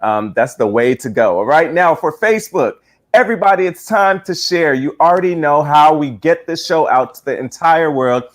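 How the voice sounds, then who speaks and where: A man's voice: fairly high pitch, moderate pace. A man co-hosting a live-stream show, upbeat and instructive as he tells viewers directly what to do. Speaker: co-host. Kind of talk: live-stream promo explanation.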